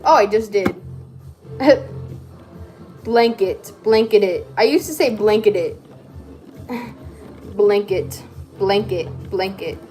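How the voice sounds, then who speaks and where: A woman's voice: a little high, takes it slowly, long pauses, a little mellow, soft background music. A woman vlogger chatting casually while she crafts, rambling and cutting herself off. She has a speech impediment and struggles to say her R's. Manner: rambling, chatty, self-interrupting.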